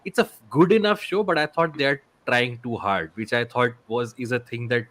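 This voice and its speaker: A man's voice: mid-range voice, normal speed, fairly bright tone. Chatty man on a panel. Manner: chatty, mixes English with Hindi. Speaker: comedian panelist. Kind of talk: casual panel chat.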